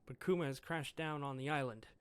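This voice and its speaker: A man's voice: mid-range voice, fairly even intonation, fairly quick, clean tone, no room sound. A man giving a casual solo review of a comic chapter, reading lines aloud and commenting with chuckles. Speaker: manga reviewer.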